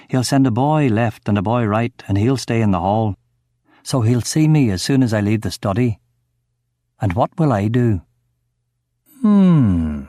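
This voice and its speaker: A man narrates a crime thriller in the first person. His delivery is terse and clipped, with a tense edge. His voice sits in an ordinary middle pitch, and the recording is dry and close with no room sound. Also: a little mellow, no room sound. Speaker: audiobook narrator.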